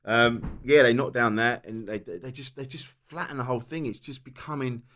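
A man's voice: mid-range voice, fairly even intonation, moderate pace, fairly bright tone. A man in his forties from southern England, a guest telling stories animatedly and swearing freely in a hotel room. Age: 40s. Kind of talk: casual chat.

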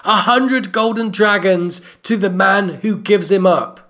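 A man's voice: high-pitched, measured pace, fairly bright tone, pitched above the performer's own voice. A man voicing a spoiled, cruel teenage boy king who screams petulant commands while reading a novel aloud. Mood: furious commanding.

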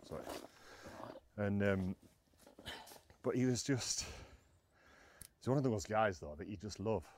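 A man with a somewhat low voice tells fishing-trip stories in a loose, rambling way. He restarts his sentences often and chuckles as he goes. He is talking outdoors beside the water. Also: measured pace, a little mellow. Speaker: guest, former footballer. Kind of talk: casual storytelling chat.

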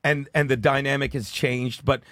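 A man in his fifties from South Jersey, a stand-up comedian telling loud, profane stories as a podcast guest. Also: medium pitch, level tone, no echo. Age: 50s. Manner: loud, profane, rapid storytelling. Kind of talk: casual podcast chat.

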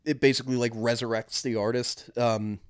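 A man's voice: mid-range voice, steady tone, a little fast, smooth, no echo, studio quality. A man co-hosting a podcast in casual chat, rambling with lots of fillers and restarts. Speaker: podcast co-host.

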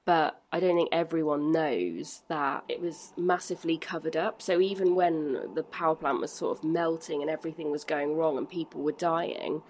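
Low-voiced woman chatting. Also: moderate pace, hardly any pauses, darkish tone, a little hiss or hum. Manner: chatty, enthusiastic recommending. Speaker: podcast co-host. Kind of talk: casual chat.

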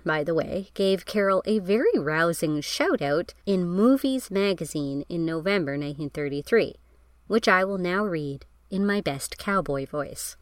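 A woman's voice: lowish voice, lively intonation, moderate pace, no room sound. Woman narrating film history, wry. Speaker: podcast host.

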